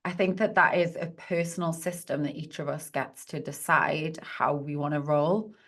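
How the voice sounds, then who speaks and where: Low-voiced woman, encouraging guest. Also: steady tone, moderate pace, fairly bright tone. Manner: earnest, encouraging coaching tone. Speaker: guest, positive psychologist and business mentor. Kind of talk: podcast conversation.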